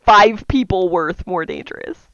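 A woman with a very animated voice cuts in with incredulous, teasing questions. Her pitch swings widely, and her sound is close and dry. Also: a little slow, smooth, no room sound, highs cut off. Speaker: podcast co-host. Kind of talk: casual banter and commentary.

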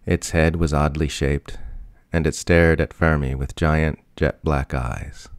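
A man reading a short story aloud in a measured, even storytelling manner. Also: very deep voice, smooth, dry recording, clean studio sound. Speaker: audiobook reader. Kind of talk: scripted story narration.

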